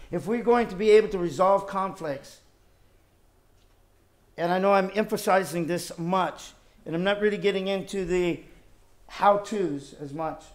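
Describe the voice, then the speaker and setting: A man with a high-sitting voice preaches an emphatic sermon full of rhetorical questions, shifting between loud stresses and quiet asides.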